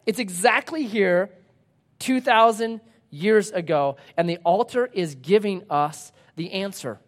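A man with a high voice delivers a sermon as a pastor. He tells stories dramatically, dropping to a hush and then rising loud again, and sometimes slips into playful voices to act things out. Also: unhurried. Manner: dramatic storytelling with wide swings from loud to hushed; acts out playful voices for talking objects.

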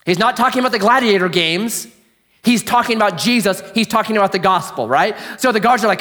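A male pastor delivers an animated sermon in a fairly high voice that rises and falls widely. He quizzes the congregation and sinks into a quiet hush when he drives a point home. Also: a little fast. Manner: animated storyteller, asks the audience questions, drops to a hush for emphasis.

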